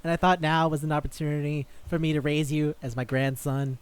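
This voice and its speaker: A man's voice: fairly high pitch, fairly even intonation, fairly quick, clear, resonant tone, close to an everyday voice. A man voicing a rich old male demon who is a doting, pleading grandfather, retelling a manga scene. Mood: eager. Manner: pleading, eager.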